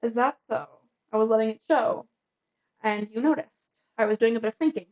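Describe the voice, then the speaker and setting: A woman's voice: a little high, fairly quick, darkish tone, lo-fi sound, lightly acted. A woman voicing a shy, anxious young woman who talks hesitantly and formally.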